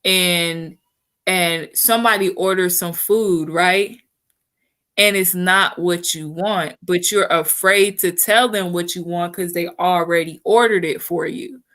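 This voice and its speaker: Candid, bright-toned woman chatting. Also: fairly low pitch, slow. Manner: frank and chatty, often says "you know what I'm saying". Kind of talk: candid casual chat.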